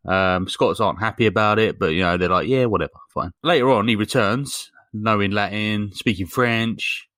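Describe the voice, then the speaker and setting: Man, low voice, dry close sound, rambling casual storytelling, fillers and swearing. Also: moderate pace, a bit bright, no echo. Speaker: podcast co-host. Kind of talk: casual comedic film recap.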